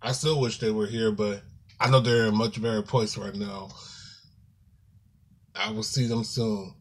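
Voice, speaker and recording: A man vlogging to his viewers in a casual, halting and apologetic way, calling them "y'all". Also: lowish voice, level tone, breathy edge. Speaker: YouTuber. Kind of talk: casual talk to camera.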